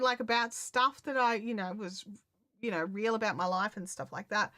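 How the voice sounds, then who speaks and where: A woman's voice: fairly high pitch, moderate pace, no echo, clean studio sound. Chatty woman live-streaming. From Australia. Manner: chatty and excitable, many fillers and restarts. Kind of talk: casual live-stream chat.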